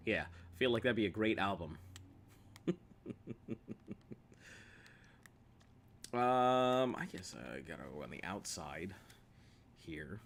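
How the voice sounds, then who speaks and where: A game streamer with a low voice and lively intonation jokes playfully with his viewers and laughs often. He talks slowly, leaving long pauses as he chats through his gameplay commentary.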